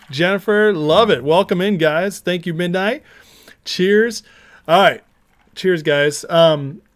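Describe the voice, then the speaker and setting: A man hosting a casual livestream watch party, upbeat and chatty, reading viewers' names aloud. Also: a little high. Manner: upbeat, reads chat names aloud rapidly. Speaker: livestream host.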